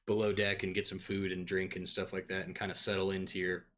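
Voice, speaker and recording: A man voicing a young, friendly ship crewman who talks in a rambling, hesitant way, raised higher than his own voice. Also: monotone, fairly quick, a bit bright.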